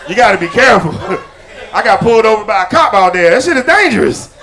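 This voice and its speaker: A man doing live stand-up comedy on a theater stage, punchy and loud, then dropping low for asides. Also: sing-song, brisk, a faint crowd. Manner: loud, punchy delivery with sudden drops to low confiding asides. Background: audience laughter.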